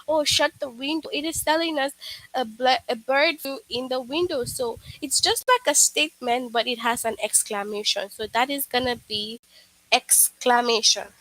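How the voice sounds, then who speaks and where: A woman's voice: high voice, a bit bright, no room sound, rough recording. A woman teaching an online lesson to young children, patiently explaining and repeating herself, with many "okay"s and "all right"s.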